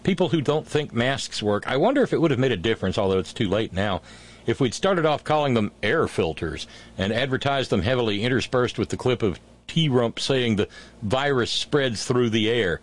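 A male talk radio host with an easygoing, wry delivery. He moves between the callers, listener notes and thank-yous in a relaxed, conversational way. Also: mid-range voice, moderate pace.

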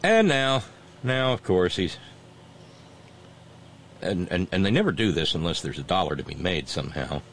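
A man's voice: deep voice, animated, moderate pace, pauses often, fairly bright tone, a little hiss or hum. A man hosting a talk show, giving sarcastic, mocking commentary and reading out listener messages.

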